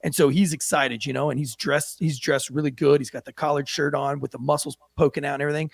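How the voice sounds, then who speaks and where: A man's voice: medium pitch, fairly even intonation, quick pace, vocal fry, hardly any pauses, slightly rough, no room sound. A man who co-hosts the show and serves as a police officer, telling a story with brash, profane energy and acting out the people he quotes. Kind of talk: animated storytelling.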